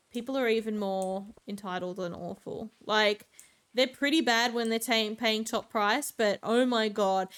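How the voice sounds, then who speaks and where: A woman streamer telling a story in a chatty, exasperated way while gaming, with many filler ums. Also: a little high.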